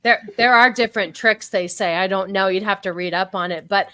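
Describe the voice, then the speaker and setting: A woman's voice: medium pitch, a little fast, sharp tone, no echo, studio quality. A woman hosting a casual podcast chat, often stopping and repeating words as she thinks aloud. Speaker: podcast host.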